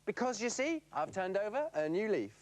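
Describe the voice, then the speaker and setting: Lively man scolding his dummy. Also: high-pitched, normal speed. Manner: patient, scolding the dummy, playful. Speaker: ventriloquist.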